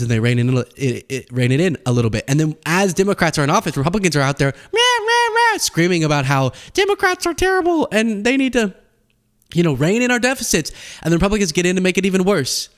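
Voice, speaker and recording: A young man hosting a casual political commentary show, telling stories and acting out the people in them. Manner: animated storytelling, acts out quoted people in high voices.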